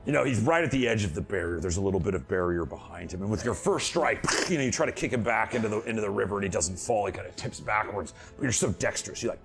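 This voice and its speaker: Gravelly, animated man running a game. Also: on the low side, fast talker, few pauses, music in the background. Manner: animated storytelling with playful asides and laughs. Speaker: dungeon master. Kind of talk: narrating a tabletop game.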